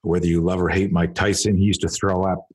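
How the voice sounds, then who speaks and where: Deep husky man explaining thoughtfully. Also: level tone, fast talker, a little mellow, low-quality recording. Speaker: podcast guest. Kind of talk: casual conversational interview.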